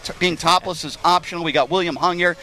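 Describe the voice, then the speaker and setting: A radio show host broadcasts a live talk show from an outdoor pool at a Las Vegas club, chatting, joking, and rambling on in casual style. His voice is fairly high, steady in tone, fast, and sharp.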